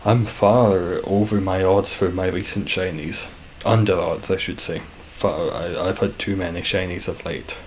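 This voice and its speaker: A man chatting casually and dryly while live-streaming a game, describing his own voice as monotone. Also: sits low, measured pace, few pauses, a little hiss or hum. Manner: dry, self-deprecating, calls his voice monotone.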